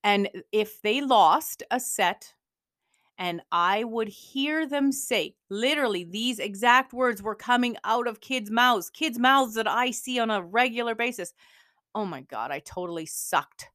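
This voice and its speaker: A woman hosting a motivational podcast, talking in an energetic, emphatic coaching manner. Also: a little high, unhurried, no room sound, clean studio sound. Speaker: podcast host.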